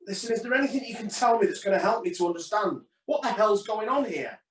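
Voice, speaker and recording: A man's voice: high voice, expressive, fast. A man with a British accent playing a tense, irritable neighbour who is worried about the strange noises outside. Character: irritable male neighbour named Paul.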